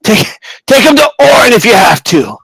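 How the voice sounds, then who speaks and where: A man's voice: very high voice, very animated, normal speed, creaky, husky, no room sound, voice pushed up, full character voice, rough recording. A man voicing a frail male gnome magistrate, desperate and in agony, pleading and strained. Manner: strained, pleading, shouting at times.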